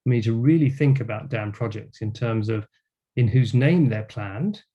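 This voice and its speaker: An older man giving an academic talk over a video call, measured and lecturing, with frequent fillers. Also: medium pitch, dull audio. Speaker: guest speaker.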